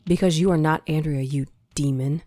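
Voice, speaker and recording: A woman's voice: a little slow, dark tone, dry recording, faint music behind. A woman doing a grim young man who hisses. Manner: hissing, low and grim.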